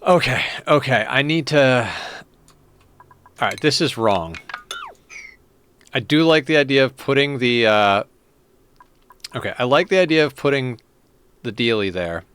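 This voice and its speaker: A man streaming a game, chatting casually and thinking out loud to his viewers. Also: medium pitch, animated, measured pace, pauses often, a little hiss or hum. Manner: chatty, thinks aloud and talks to chat. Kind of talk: casual live-stream commentary.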